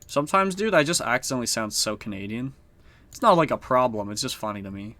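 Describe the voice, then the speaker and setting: A relaxed male streamer talks through his game in a chatty, easygoing way, with the odd curse word. His voice sits at a middling pitch. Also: quick pace, no echo. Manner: laid-back and chatty, swears casually. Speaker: streamer playing a strategy board game. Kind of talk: casual live-stream commentary.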